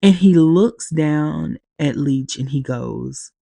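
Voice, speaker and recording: Woman, podcast recap, halting and teary, dark mellow tone, dry close sound. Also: low-pitched, gravelly, dry recording. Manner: emotional, halting, long pauses. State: teary-eyed. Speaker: podcast host. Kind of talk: casual recap of a TV episode.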